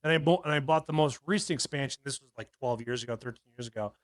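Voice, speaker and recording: A man in his thirties co-hosts a casual podcast, rambling and swearing through his stories with lots of restarts. He talks fast at a medium pitch, and there's no echo.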